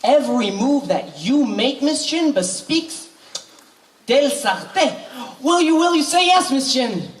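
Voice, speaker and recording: A teen actor in a camp stage play as a smooth-talking male con man posing as a music professor, with fast, flattering salesman patter. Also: high-pitched. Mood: gushing flattery. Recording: echoey hall from far off, faint noise.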